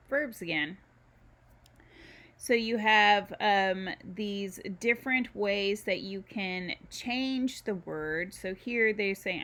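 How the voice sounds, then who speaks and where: Slow-paced woman giving a lecture. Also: medium pitch, a bit bright. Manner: unhurried, explains with many ums and pauses. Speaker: university instructor. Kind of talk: recorded screen-share lecture.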